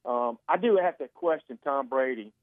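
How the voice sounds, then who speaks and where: A man talks sports over a thin, phone-line sound with a dry, close tone. His speech is relaxed and chatty, and he doubles up words as he goes. His pitch sits in the middle range. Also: normal speed, dry recording. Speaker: newspaper sportswriter calling in. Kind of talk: casual sports chat.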